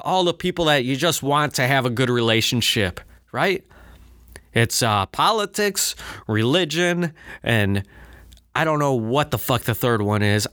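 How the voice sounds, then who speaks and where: A man's voice: a little high, fairly bright tone, no room sound, clean studio sound. A man hosting a solo podcast from his basement, ranting with heavy swearing, rambling asides and lots of filler words. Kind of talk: profane ranting monologue. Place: home basement, alone.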